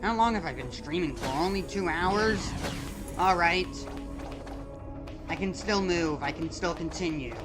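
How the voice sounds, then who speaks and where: A game streamer talks to themselves during a live stream, muttering quick reactions as the game goes on. Their voice sits at an everyday middle pitch. Game music plays faintly in the background. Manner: muttering reactions while playing. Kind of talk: casual live-stream commentary.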